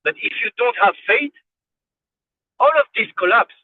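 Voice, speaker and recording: A man's voice: high-pitched, expressive, normal speed, long pauses, husky, dry recording. Fervent man on a tinny line. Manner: fervent, exhorting, repeats phrases for emphasis. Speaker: spiritual class speaker. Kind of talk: devotional class talk. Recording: tinny phone-like line, dry.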